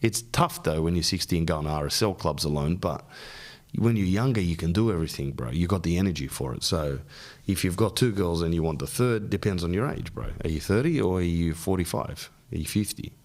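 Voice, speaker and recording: Man, podcast host, deep voice, slangy, rambling. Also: fairly quick, darkish tone. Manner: rambling, slangy, says bro often. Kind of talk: casual advice chat.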